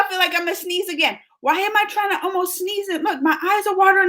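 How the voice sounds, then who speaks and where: A woman hosting a live movie chat, talking in a rambling, animated way with lots of fillers and laughs. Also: very high voice, quick pace, hardly any pauses. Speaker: host of a movie reaction livestream. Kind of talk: casual livestream chat.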